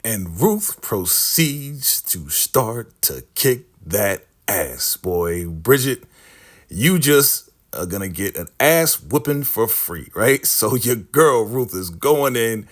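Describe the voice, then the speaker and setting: A man's voice: on the low side, slow pace. A man hosting a casual TV recap vlog, acting out the characters' lines. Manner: animated, acts out the characters' lines. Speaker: TV recap host.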